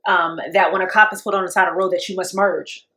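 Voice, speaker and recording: A woman in casual podcast conversation, a somewhat low voice, often chiming in and completing her co-host's thoughts. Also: level tone, fast talker, pushed and bright. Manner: chimes in with short agreements and finishes her co-host's points. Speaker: podcast co-host. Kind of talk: casual discussion.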